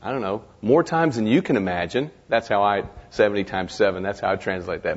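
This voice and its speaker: A man talking through ideas in a reflective discussion, halting and restarting often. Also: lowish voice, long reverb tail, muffled recording. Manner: halting, many restarts and repeated words.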